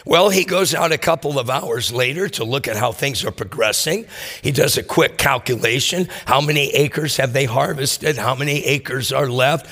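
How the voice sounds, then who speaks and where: A man preaching a sermon, telling a parable in an animated way and acting out the characters' voices. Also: mid-range voice, moderate pace, creaky, slightly rough, big-room sound. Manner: animated storytelling, acts out voices. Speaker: pastor.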